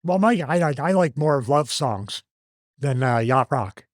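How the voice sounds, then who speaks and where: A man's voice: medium pitch, animated, measured pace, no echo. A man with a Philadelphia accent hosting a podcast in casual chat, jokey and rambling. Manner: jokey, rambling, self-mocking. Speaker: podcast host.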